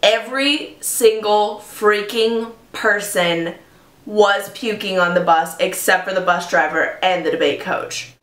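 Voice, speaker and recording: A woman vlogger telling a story to camera in a dramatic, animated way. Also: mid-range voice, unhurried. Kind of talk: storytime vlog. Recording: echoey room.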